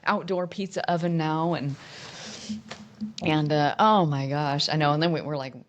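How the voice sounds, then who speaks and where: A woman in her fifties with a notably low speaking voice, guesting on an interview. She talks candidly and loosely, circling back and restarting her sentences as she shares her life story. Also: moderate pace, dull audio. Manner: candid, rambling, with many restarts. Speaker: musician guest.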